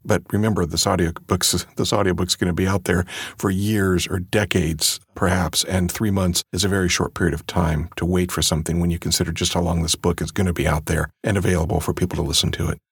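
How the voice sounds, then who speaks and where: A man's voice: low-pitched, creaky, slightly rough, dry recording, studio quality. A man who narrates audiobooks, talking casually and chattily on his own podcast. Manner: relaxed and chatty, with fillers.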